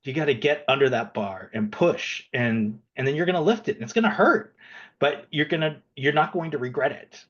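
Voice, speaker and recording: A man's voice: mid-range voice, lively intonation, fairly quick, fairly bright tone. Man with a mid-range voice, reflective and motivational, on a dull lo-fi call line. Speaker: real estate agent. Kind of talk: sharing on a group call.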